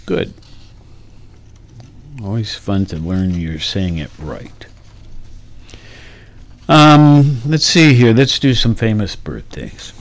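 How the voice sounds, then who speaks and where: A man's voice: lowish voice, sing-song. A man co-hosting a casual radio show, reading date facts aloud and thinking aloud as he goes. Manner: unhurried, thinks aloud with ums and let's-sees. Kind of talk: casual radio chat, reading on-this-day items.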